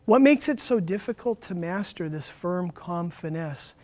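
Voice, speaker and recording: A man running a teacher training workshop, talking straight to his audience in a lively way. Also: high voice, a little slow. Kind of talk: workshop lecture.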